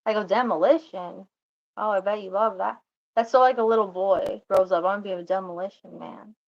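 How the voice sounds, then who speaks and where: With a gravelly mid-range voice on a lo-fi recording, a woman vlogger chats casually through a wandering story. She keeps starting over and quotes others in rapid asides.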